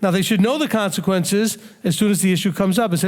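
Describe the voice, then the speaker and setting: High-voiced man teaching in a hall. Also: fast talker, few pauses. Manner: calm, explanatory, acts out quoted parents. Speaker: rabbi teaching a Q&A. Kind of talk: sermon-style Q&A teaching.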